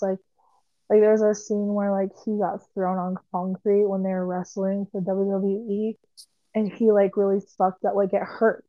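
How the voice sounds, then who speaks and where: A woman's voice: mid-range voice, level tone, moderate pace, dry recording. A young woman in casual chat about a movie, rambling emotionally and filling her talk with "like". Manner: rambling, heavy use of "like", emotional. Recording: dull lo-fi sound.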